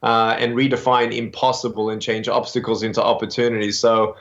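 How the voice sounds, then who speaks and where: A man's voice: medium pitch, little pitch movement, brisk. Australian man in his 30s, interview guest, earnest and upbeat, slightly dull sound. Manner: earnest, upbeat, with many fillers. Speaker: guest, motivational speaker. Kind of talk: interview answers.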